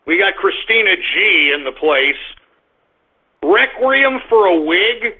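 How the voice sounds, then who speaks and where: Ranting high-voiced man, tinny sound. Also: animated, slow, husky. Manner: crude, belligerent, prone to shouting outbursts. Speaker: internet radio host. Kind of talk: live streamed radio rant. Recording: tinny phone-like audio.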